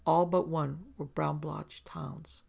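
A man narrating an audiobook story in a measured, descriptive way. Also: fairly high pitch, little pitch movement, vocal fry, a little mellow, husky.

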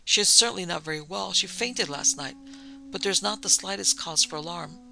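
A man's voice: high-pitched, fairly quick, creaky, sharp tone, full character voice, poor audio. A man reading the part of a concerned middle-aged lady of a manor, anxious and reassuring.

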